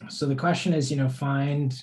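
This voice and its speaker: A man's voice: mid-range voice, steady tone, normal speed, darkish tone. A young man teaching a live online math lesson in a casual way, answering student questions as he works through problems. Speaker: course instructor.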